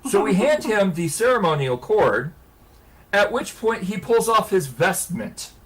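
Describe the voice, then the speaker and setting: A man's voice: high voice, measured pace. A man telling a long story on a casual hangout stream, laughing and swearing as he goes. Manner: profane, laughing, animated storyteller.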